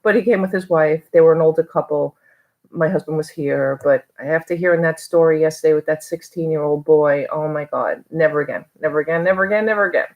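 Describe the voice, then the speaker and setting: A woman's voice: low-pitched, a little fast, phone-quality sound. A middle-aged woman from New York talking casually in a haul video, rambling with lots of fillers. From Long Island, New York. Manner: chatty, rambling with many fillers. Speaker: reseller vlogger.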